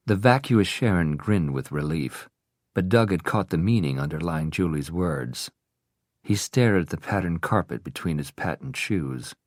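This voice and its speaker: A man narrating an audiobook in a steady, even storytelling manner. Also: low-pitched, no room sound, studio quality.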